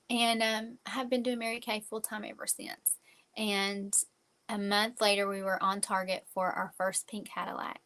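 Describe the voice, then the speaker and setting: A woman speaking in a bright, clear voice. She delivers an earnest motivational training talk, mixing faith into her pitch, repeating phrases and pausing on fillers as she works through her points. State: emotional at times. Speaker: sales director giving a training talk.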